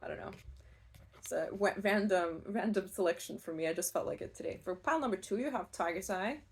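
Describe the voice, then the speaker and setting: A woman giving a casual pick-a-card tarot reading, chatty and rambling, with soft laughs and fillers. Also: medium pitch, a little fast. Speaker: tarot reader.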